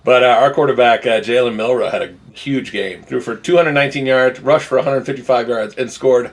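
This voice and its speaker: A man hosting a relaxed sports betting podcast at an ordinary middle pitch. He talks in an animated way, gives blunt opinions and breaks into laughs easily. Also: a little fast. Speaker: podcast host. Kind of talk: casual sports betting chat.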